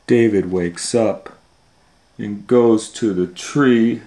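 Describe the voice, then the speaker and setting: A man reads a children's picture book aloud at a very slow, unhurried pace. His voice sits a little low. He swings between loud scolding calls and soft, hushed asides. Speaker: storytime host reading a picture book.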